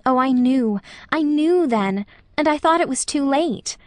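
A woman's voice: sits high, animated, unhurried, no echo, studio quality, pitched above the performer's own voice. A woman voicing an eager, imaginative young woman in love in an audiobook reading. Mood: emotional.

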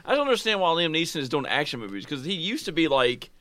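Man, casual chat, animated banter, bright tone, very dry sound. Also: on the high side, fast talker, no echo.

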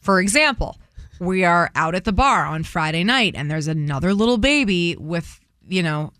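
A woman's voice: lowish voice, expressive, normal speed, fairly bright tone, dry recording, studio quality. A woman hosting a radio show, chatting and laughing as she tells stories and takes callers. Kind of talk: casual radio chat with callers.

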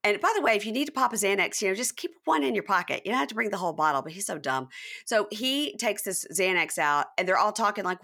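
A woman's voice: fast talker, creaky. A woman podcast host in casual chat, animatedly recapping a reality show and acting out the cast's lines. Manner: animated, acts out cast quotes in high voices.

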